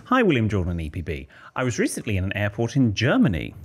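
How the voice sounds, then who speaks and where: A man's voice: on the low side, fast, breathy edge. A British man co-hosting a chat podcast, reading listener letters aloud and laughing along. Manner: animated, laughs while reading.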